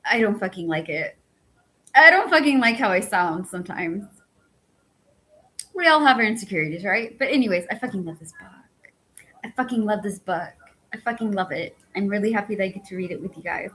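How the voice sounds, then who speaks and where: A woman with a squeaky voice, worn from a full day of talking. She reads a spiritual book aloud at a middle pitch and breaks off for loose, profane asides. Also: expressive, a little fast, a bit bright, poor audio. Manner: swears freely and chats between passages. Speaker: book-reading channel host. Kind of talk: reading a book aloud with casual commentary.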